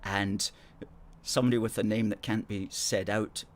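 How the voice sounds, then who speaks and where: A middle-aged man hosts a live stream, chatting casually and reading out viewer comments in a playful, self-mocking way. His lowish voice is steady in tone and moves at normal speed.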